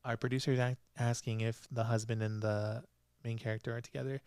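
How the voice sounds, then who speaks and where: A man's voice: medium pitch, flat delivery, a little fast, a little mellow, smooth, dry recording, studio quality. A young man hosting a solo podcast, chatting casually and laughing often as he recaps episodes. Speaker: podcast host.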